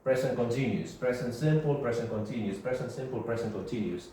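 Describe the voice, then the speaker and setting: A man's voice: mid-range voice, brisk, warm tone. Man teaching grammar in an echoey room. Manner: repeats key terms, checks with "yeah?". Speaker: English teacher. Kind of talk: classroom grammar lesson. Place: classroom with students. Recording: very echoey room, faint background hiss.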